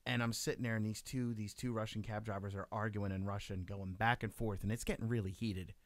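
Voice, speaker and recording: A man's voice: fairly low pitch, steady tone, fairly quick, no echo. Podcast co-host, male, dry self-deprecating storyteller, close dead mic. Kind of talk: casual banter.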